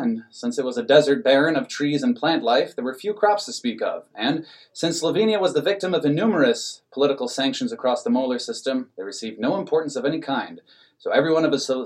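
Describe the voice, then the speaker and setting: A man narrating an absurd comic story in a deadpan, matter-of-fact way. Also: medium pitch.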